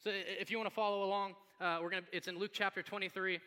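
A man, a pastor, preaching a sermon in a conversational, animated storytelling manner. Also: sits high, fast talker, clear, resonant tone. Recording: long hall reverb.

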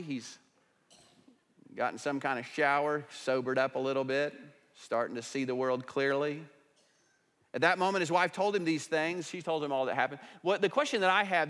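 A male pastor preaching a sermon, animated, with big swings between loud passages and quiet ones. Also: on the high side, big-room sound.

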